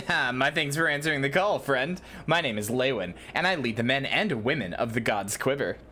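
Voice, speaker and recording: A woman voicing a stern, formal male elf commander from a fantasy game, reading his lines aloud with stumbles and self-corrections. Her read rises and falls in pitch as she goes. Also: expressive, moderate pace, fairly bright tone, slight background noise. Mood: formal, earnest.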